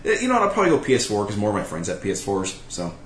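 Low, animated man on a podcast. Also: racing, echoey room, a little hiss or hum. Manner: rambling, self-deprecating, lots of fillers. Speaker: podcast host. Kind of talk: casual podcast chat.

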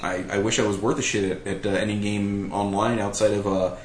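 A man's voice: on the low side, flat delivery, a little fast, roomy sound, a little hiss or hum. A man hosting a casual podcast, rambling and self-deprecating with lots of fillers. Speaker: podcast host.

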